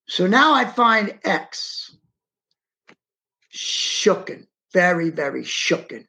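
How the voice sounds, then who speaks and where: A man gives eyewitness testimony with dramatic first-person emphasis, pausing now and then to tell someone how to move an on-screen map. His high voice is sing-song, gravelly, bright, and forceful.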